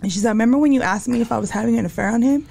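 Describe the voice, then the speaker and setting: A woman's voice: fairly high pitch, racing, creaky, warm tone. A young adult woman telling her life story as a podcast guest, candid and slangy, acting out quotes. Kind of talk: casual storytelling interview.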